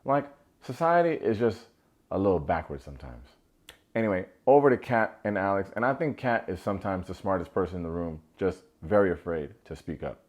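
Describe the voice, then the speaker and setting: A man with a lowish voice giving a casual commentary recap of a reality show. He talks with sarcastic, slangy energy and swings from flat muttered remarks to sudden high-pitched exclamations. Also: fairly quick. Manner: animated and sarcastic, slangy asides.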